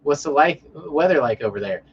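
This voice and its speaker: A man's voice: fairly high pitch, expressive, brisk, dull audio, slight background noise. A man from Denver hosting a casual livestream, rambling in a laid-back way and answering viewers in chat by name. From Denver, Colorado. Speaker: livestream host reading chat. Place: home, indoors.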